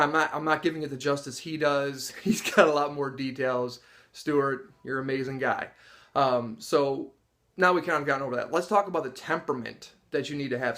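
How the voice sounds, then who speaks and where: Animated man explaining dog training. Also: mid-range voice. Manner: animated storyteller who acts out dogs' and people's reactions with gasps and laughs. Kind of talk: casual instructional talk to camera.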